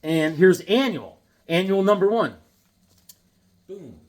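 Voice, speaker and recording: A man's voice: sits high, lively intonation, slow pace. Rambling, jokey man talking comics. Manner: rambling, jokey, lots of restarts and silly asides. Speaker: comic book vlogger. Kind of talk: casual show-and-tell chat.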